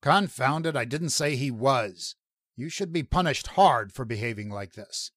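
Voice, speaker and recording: A man's voice: medium pitch, expressive, a little slow, a bit bright, no room sound, clean studio sound. Man reading as a curt, stern space officer. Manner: curt, snapping, harsh.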